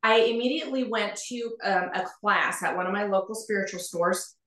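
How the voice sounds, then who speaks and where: A middle-aged woman, a guest on an interview, telling her story in a lively way, often laughing and acting out the people she quotes. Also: mid-range voice, a little fast. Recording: roomy echo.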